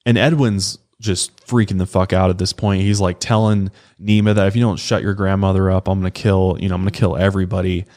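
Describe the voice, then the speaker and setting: A man's voice: low-pitched, a little fast, few pauses. A man co-hosting a podcast, casually recounting a true-crime case and swearing now and then. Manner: relaxed, swears casually, acts out quotes. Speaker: podcast co-host.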